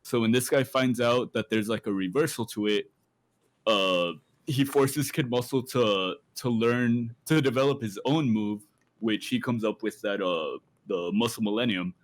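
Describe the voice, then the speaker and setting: A man's voice: on the low side, unhurried, no room sound. A man co-hosting a casual podcast, recapping an anime at length with many fillers and restarts. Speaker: podcast co-host.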